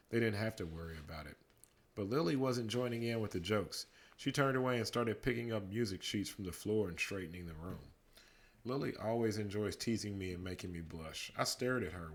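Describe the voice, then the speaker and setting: A man reads a bedtime story aloud in a calm, measured way. His voice sits a little low and stays unhurried, like a parent settling kids for the night. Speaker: dad reading a bedtime story.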